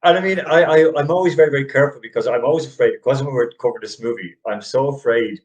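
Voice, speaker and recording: A man's voice: mid-range voice, quick pace, low-quality recording. Brief: middle-aged man, co-host, loose rambling chat with chuckles. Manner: rambling, restarts often, chuckles. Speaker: podcast co-host. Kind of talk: casual movie review chat.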